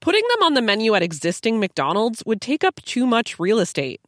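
A woman radio reporter delivering a scripted news story in a crisp, expressive way. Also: a little high, fairly quick, no echo, studio quality.

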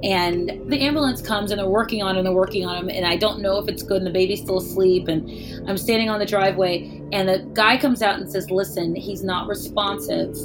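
A woman's voice: mid-range voice, brisk, music in the background. A woman telling a personal story in casual speech, candid and wry, swearing and acting out what people said.

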